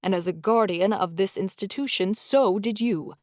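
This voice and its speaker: A woman narrating an audiobook voices an earnest male professor who speaks in a low, insistent way. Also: steady tone, slow pace, a little mellow, no room sound, studio quality. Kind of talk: audiobook character voice.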